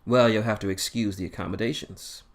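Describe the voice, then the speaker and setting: A calm starship captain from a read-aloud story, measured and quietly pressing. A man voices him low and even, close to his own voice. He never hurries his questions. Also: lightly acted. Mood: probing.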